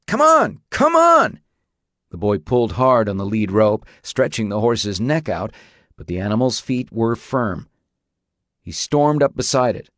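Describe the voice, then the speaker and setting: A man narrating a story in a steady, measured audiobook reading. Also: fairly low pitch, dry recording, clean studio sound.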